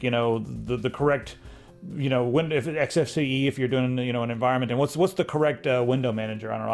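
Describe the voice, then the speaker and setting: A man co-hosting a casual tech discussion, ranting and critical, with frequent restarts. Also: mid-range voice. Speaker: co-host.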